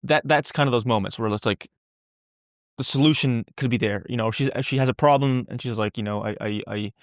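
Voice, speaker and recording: Gravelly-voiced man musing candidly. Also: medium pitch, brisk, no echo, clean studio sound. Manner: rambling, repeats words, swears casually. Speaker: podcast guest. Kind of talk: candid conversational interview.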